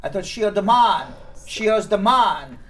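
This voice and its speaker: A man with a Long Island New York accent hosts a casual live talk show. His voice sits high and light for a man. He stays upbeat as he reads out viewer names and greetings. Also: animated, slow, a bit bright, a little hiss or hum. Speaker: host.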